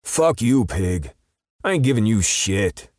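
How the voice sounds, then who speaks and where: A man's voice: lowish voice, sing-song, slow, a bit bright, no echo, clean studio sound, pitched above the performer's own voice, heavily acted. A man voicing a frightened young male captive who stammers and pleads, in an audiobook. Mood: defiant.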